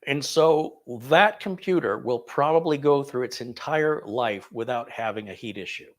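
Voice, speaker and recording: A man's voice: mid-range voice, lively intonation, moderate pace. Chatty man answering tech questions. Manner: chatty and digressive, self-amused. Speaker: tech channel host answering viewer questions. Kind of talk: casual live Q&A.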